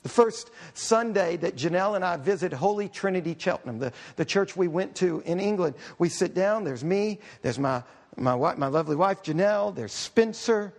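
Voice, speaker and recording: Male pastor, middle-aged, fairly high voice; conversational sermon full of humorous asides. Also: expressive, normal speed, vocal fry.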